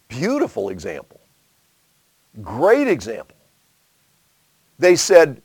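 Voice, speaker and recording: A man preaching a sermon, asking rhetorical questions and swinging between loud emphasis and hushed asides. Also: on the high side, sing-song, unhurried, pauses often, dry recording.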